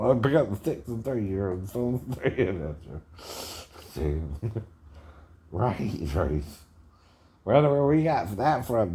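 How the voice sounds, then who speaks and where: A man's voice: fairly low pitch, dark tone. A man in his fifties giving rambling commentary on a video, chuckling often and tagging his sentences with "right?".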